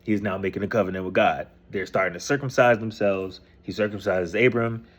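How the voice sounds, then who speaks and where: A man's voice: lowish voice, steady tone, fairly quick. A man casually retelling a scripture story in loose, profane slang, reading passages aloud and then paraphrasing them. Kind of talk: casual rambling explanation.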